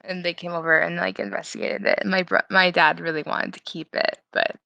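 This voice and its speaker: A woman's voice: on the low side, little pitch movement, fairly quick, creaky, bright, forceful tone, no echo, rough recording. A young woman co-hosting a casual chat, telling stories and laughing through them. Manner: giggly storyteller, laughs through her stories. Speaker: podcast co-host.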